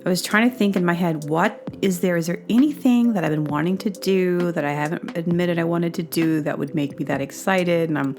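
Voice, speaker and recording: A woman's voice: fairly low pitch, brisk, hardly any pauses, soft background music. A woman hosting her own show, telling a long casual story with many fillers and restarts, acting out what people said. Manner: acts out quoted dialogue with bursts of excited laughter. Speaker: podcast host.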